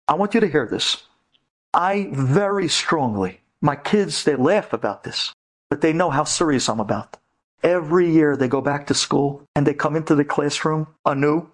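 A man who is a rabbi giving a storytelling lecture to women, dramatic and acting out the voices in his stories. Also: normal speed. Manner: dramatic, acts out quoted voices with big pitch leaps; speaks directly to a women's audience. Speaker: rabbi and inspirational speaker.

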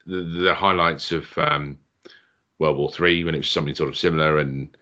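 On a dull lo-fi mic, a podcast co-host with an extremely low, sharp-toned voice talks about a wrestling show at a moderate, steady pace. He's easygoing, casual, and laughs a lot.

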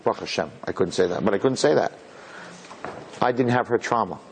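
A man, a rabbi, giving an inspirational talk to an audience, telling a story with lively acted-out dialogue and Hebrew and Yiddish terms. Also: lowish voice, fairly quick, gravelly, slight background noise. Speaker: rabbi and speaker.

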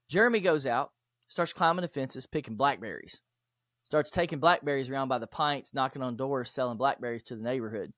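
A man's voice: medium pitch, a little fast, dry recording, clean studio sound. A man, a podcast guest and author, telling stories in an interview and acting out the dialogue. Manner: animated, acts out dialogue in stories. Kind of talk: interview storytelling.

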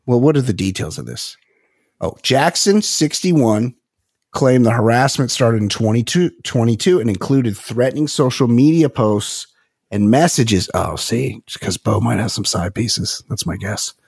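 A man's voice: mid-range voice, expressive, moderate pace, gravelly, darkish tone, husky, dry recording, clean studio sound. A man co-hosting a comedy podcast, trading crude, wisecracking asides in casual banter. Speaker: podcast co-host.

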